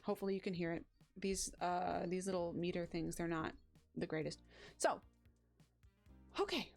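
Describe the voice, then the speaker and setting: A young woman streaming a game, chatting casually in a gushing, excitable, rambling way, from a home setup. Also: lowish voice, moderate pace, creaky. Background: faint background music.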